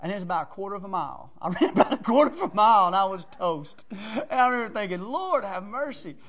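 A man's voice: high voice, expressive, quick pace, a bit bright. A man preaching in a folksy, chatty storytelling way, acting out quotes and laughing often. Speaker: preacher teaching on counsel.

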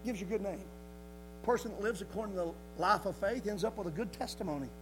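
A man's voice: sits high, fast talker, background noise. A man preaching a sermon. He reads scripture aloud and builds fervor through repeated phrases. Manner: reads scripture aloud in old-fashioned wording.

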